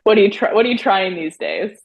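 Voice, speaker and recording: A woman host asks her guest questions in a relaxed chat and laughs often. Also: mid-range voice, brisk, creaky, breathy edge, highs cut off. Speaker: podcast host. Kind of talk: casual interview chat.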